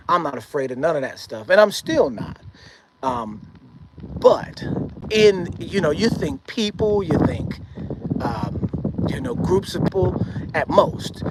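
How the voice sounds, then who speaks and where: Animated man telling a story over road noise. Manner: animated, imitates bird calls in a high hoot. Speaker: podcast host. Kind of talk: casual storytelling.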